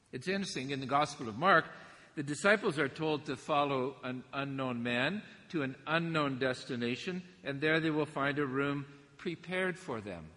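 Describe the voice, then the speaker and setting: Man preaching a sermon, bright tone, reflective with little jokes, long reverb. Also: on the high side. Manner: reflective, with gentle asides and laughs.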